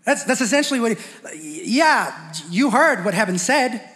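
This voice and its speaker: A man with an unusually high voice preaches with fervent repetition, often turning to the congregation with questions. His sermon rings out with a long reverb trailing through the church hall. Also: big pitch swings, moderate pace, sharp tone.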